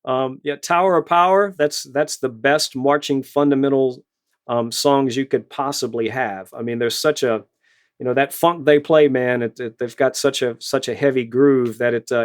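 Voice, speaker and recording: A middle-aged man with a Louisiana accent, a retired high school band director telling stories in an interview, with many restarts and fillers. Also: fairly even intonation, a little slow. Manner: storytelling, many repeated words and fillers. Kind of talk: casual interview answers.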